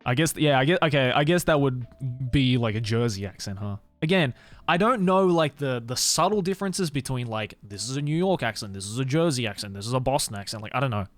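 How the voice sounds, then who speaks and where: A man's voice: medium pitch, lively intonation, fairly quick, soft background music. An Australian man streaming and chatting casually, rambling with lots of fillers and restarts. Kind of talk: casual livestream chat.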